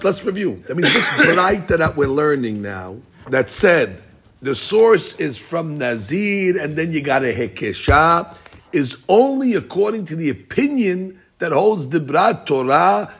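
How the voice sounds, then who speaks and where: Male Talmud teacher, raspy and a bit high, restates each point with emphasis. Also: fairly bright tone. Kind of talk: explaining a text to students.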